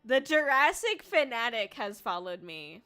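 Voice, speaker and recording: A young woman streaming, chatting casually with her viewers, laughing often and breaking into squealing shouts. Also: fairly high pitch, very animated, a little slow, clean tone. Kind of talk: casual livestream chat. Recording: faint music behind.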